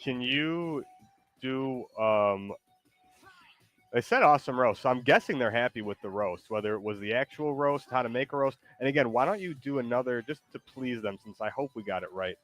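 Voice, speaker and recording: A man hosting a casual stream, talking in a hesitant, rambling way with lots of pauses. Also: mid-range voice, fairly bright tone, soft background music. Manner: hesitant, rambling, many ums. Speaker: streamer host.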